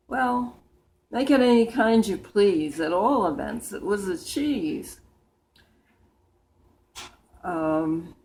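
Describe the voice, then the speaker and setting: Centenarian woman, poetry recital from memory, unhurried, mid-pitched, occasional slips and restarts. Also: slight background noise, poor audio. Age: about 100. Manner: slow, deliberate recitation with small slips and restarts.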